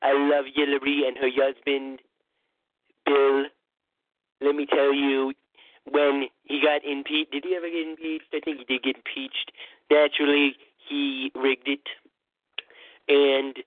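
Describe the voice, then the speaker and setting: A man's voice: mid-range voice, no room sound, lightly acted. A man putting on a boastful, rambling old male politician parody in a comedic impression monologue, stammering and repeating himself. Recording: tinny phone-like dry sound.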